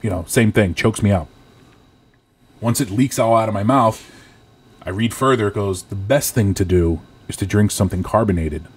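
Husky rhode island dude, swearing a lot, telling stories on a podcast, casual. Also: male voice, fairly low pitch, normal speed. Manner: profane storytelling, animated. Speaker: podcast co-host. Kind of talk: casual chat.

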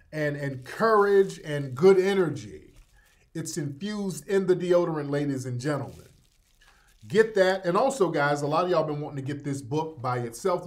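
Man hosting a live show, lively pitch, laughing and mocking, fairly high voice. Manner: laughing, mocking, animated ad reads. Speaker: host. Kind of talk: casual live commentary.

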